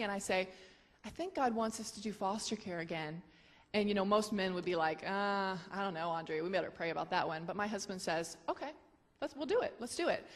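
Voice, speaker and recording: A woman earnestly telling a personal testimony to a gathering, with an emotional storytelling manner. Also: mid-range voice. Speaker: guest sharing her testimony. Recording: long hall reverb.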